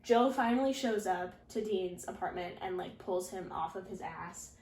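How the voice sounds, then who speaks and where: A woman's voice: fairly low pitch, moderate pace, a little mellow, echoey room. A woman casually recapping a story, rambling with lots of "like" and sarcastic asides. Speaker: video essayist recapping a fanfiction.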